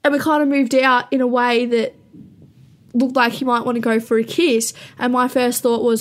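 A woman's voice: a little high, steady tone, normal speed, fairly bright tone. A young woman hosting a show, telling rambling, self-mocking stories to listeners in a casual, profane way and laughing often.

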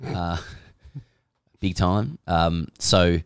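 A man in his young adult years co-hosts a podcast in loose, casual chat. He speaks with a fairly low voice, recorded close and dry, and keeps laughing and circling back through his sentences. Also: animated, very slow, clean tone, no echo. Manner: chatty, laughing storyteller who repeats himself. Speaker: podcast co-host.

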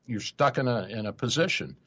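A man's voice: mid-range voice, brisk, sharp tone, slightly rough, lo-fi sound. A male radio show host in casual talk, rambling with many hesitations and acting out quotes.

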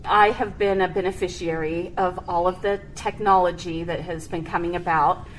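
A woman's voice: fairly low pitch, fairly even intonation, normal speed, a little hiss or hum, low-quality recording. A woman hosting an interview, asking chatty questions with frequent giggles. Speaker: radio host.

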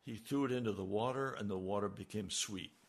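A man preaching a sermon, slow and emphatic, his voice rising on key lines. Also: lowish voice. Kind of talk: radio sermon.

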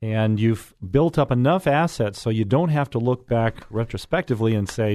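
A middle-aged man hosts a real estate show on the radio, chatting in a folksy, talkative way with lots of fillers. His mid-range, slightly mellow voice flows at a moderate pace with few pauses, in a dry studio recording.

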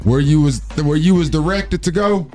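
A man's voice: on the high side, normal speed, darkish tone, faint music behind. A man hosting morning radio, joking loosely and drifting into sing-song lines. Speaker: radio show host. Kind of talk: casual morning radio banter. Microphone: studio microphone.

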